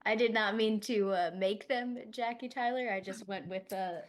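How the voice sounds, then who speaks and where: A woman's voice: mid-range voice, moderate pace, a little hiss or hum. A woman playing a tabletop game, chatting casually and giggling. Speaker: player. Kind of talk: casual chat.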